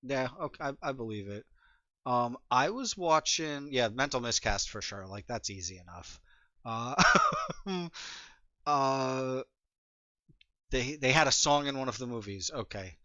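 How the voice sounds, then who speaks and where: A man's voice: mid-range voice, expressive, measured pace, long pauses, pushed and bright, no room sound, dull audio. A middle-aged man co-hosting a podcast in casual chat, laid-back, swearing freely and laughing often. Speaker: podcast co-host.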